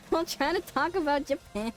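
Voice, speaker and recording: Young female streamer, high voice, loose, swearing, laughing, casual live chat. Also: moderate pace, faint music behind. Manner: rambling, sarcastic, laughing, swears freely.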